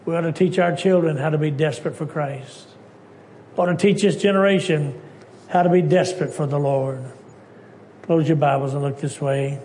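A man preaches with a voice pitched a little above most men's. He tells his stories emphatically, dropping to a hush and then climbing to loud lines. A faint hiss of noise sits under the recording. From Texas. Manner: emphatic storytelling, swinging from hushed to loud. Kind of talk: sermon.

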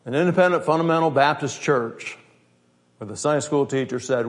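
A man's voice: fairly high pitch, fairly quick. A man preaching a sermon as pastor, blunt and emphatic, with many rhetorical questions.

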